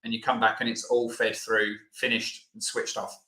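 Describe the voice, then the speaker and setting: A man's voice: fairly low pitch, completely flat delivery, normal speed, sharp tone, echoey room. A man hosting a live online Q&A lesson, chatty and loose, with plenty of fillers. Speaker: health educator host.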